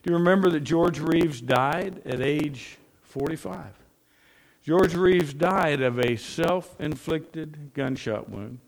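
Gravelly-voiced man preaching a sermon. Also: a little high, takes it slowly. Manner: earnest storytelling preacher, rising and dropping emphasis.

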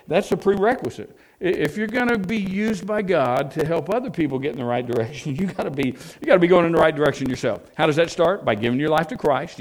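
A man's voice: fairly high pitch, poor audio. Folksy male pastor preaching a sermon. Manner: folksy, asks the congregation rhetorical questions.

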